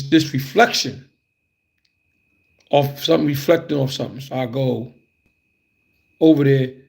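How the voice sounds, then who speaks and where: Animated man telling a childhood story. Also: on the high side, gravelly. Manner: animated, loose and conversational, acting out scenes. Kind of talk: casual spoken storytelling.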